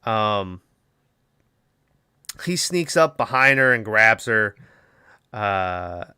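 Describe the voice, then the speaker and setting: A man's voice: fairly low pitch, lively intonation, extremely slow, bright, forceful tone, clean tone, no room sound, clean studio sound. Casual swearing man recapping a movie. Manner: rambling, swears often, lots of fillers. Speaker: podcast co-host.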